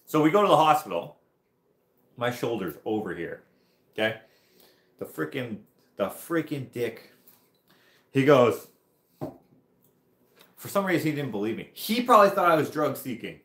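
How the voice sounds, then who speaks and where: A man's voice: medium pitch, sing-song, normal speed, long pauses, a bit bright. Rambling, laughing man in a roomy space. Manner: rambling, laughing, lots of "like" and restarts. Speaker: livestream host. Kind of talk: casual storytelling. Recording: roomy echo.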